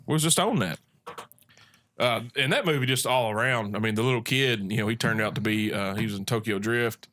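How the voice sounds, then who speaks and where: Male host, bright tone, loose rambling talk. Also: fairly low pitch, steady tone, fairly quick, hardly any pauses, slight background noise. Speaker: podcast host. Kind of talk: casual chat.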